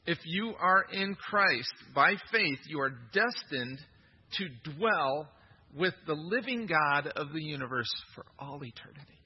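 Husky-voiced man preaching a sermon. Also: fairly high pitch, animated, unhurried, dull audio. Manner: emphatic, asks the congregation questions. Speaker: pastor.

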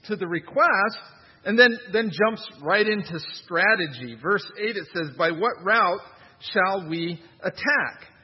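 A man's voice: sits high, slightly rough, long reverb tail, highs cut off. A man preaching a sermon in a conversational, wry manner, with rhetorical asides. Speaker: pastor.

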